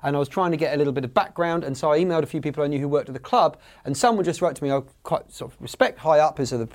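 A man's voice: on the high side, racing. A man on a comedy quiz panel, telling a rambling anecdote and interrupting himself. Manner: rambling, self-interrupting storytelling. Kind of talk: casual anecdote.

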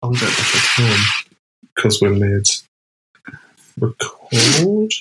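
Another podcast co-host, a man with a medium-pitched voice, takes it slowly but swings widely in pitch as he tells stories with laughs and exclamations. The casual chat has a roomy echo and heavy background noise.

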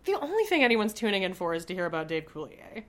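A woman from Canada co-hosting a podcast, chatting casually in an animated, gossipy way. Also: on the low side, fast talker. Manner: animated, gossipy, laughs often. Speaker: podcast co-host. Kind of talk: casual chat.

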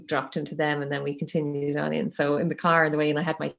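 A woman's voice: sits low, level tone, fast, vocal fry, fairly bright tone. A woman, telling a personal story in a casual, chatty way and acting out what people said. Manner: chatty, laughs often, acts out quotes. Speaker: guest telling her birth story.

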